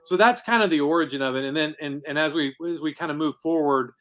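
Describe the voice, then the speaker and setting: Speaking at a quick pace in a fairly bright voice on the high side, a podcast guest describes founding a comic convention. The casual interview has him rambling in an earnest way.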